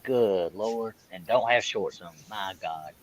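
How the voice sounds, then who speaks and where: A man's voice: lowish voice, slow pace, crowd noise, low-quality recording. A man, chatting casually with earthy exclamations and farm memories. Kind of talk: casual chat.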